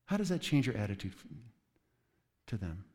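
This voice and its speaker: A man's voice: on the low side, big pitch swings, normal speed, darkish tone. Pastor, man, west coast voice, talky storytelling sermon, reverberant hall. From West Coast of the United States. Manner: conversational storytelling with asides to the audience.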